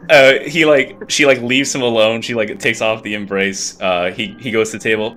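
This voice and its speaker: A man's voice: fairly low pitch, steady tone, normal speed, hardly any pauses, fairly bright tone, faint music behind. A man narrating a tabletop game as game master, in loose narration full of fillers.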